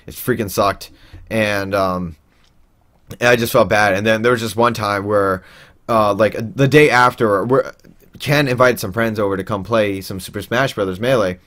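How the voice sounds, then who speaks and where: At a normal speed and in a fairly low but bright-toned voice, a young man recounts a story from his own life, loosely, with many fillers and restarts. When quoting others, he acts them out in a raised voice.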